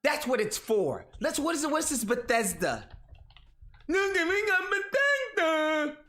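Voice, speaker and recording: A man's voice: very high voice, sing-song, measured pace, bright, forceful tone, faint music behind. A man in a gaming video, taunting in a dopey, exaggerated put-on voice. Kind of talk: mocking put-on gamer voice.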